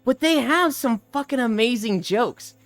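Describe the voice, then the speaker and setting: Rambly streamer chatting w chat, laughs a lot, curses, smooth voice, mid pitch. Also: animated, measured pace, dry recording, soft background music. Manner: rambling, laughing, swears casually. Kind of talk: casual chat with live stream viewers. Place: outdoors walking.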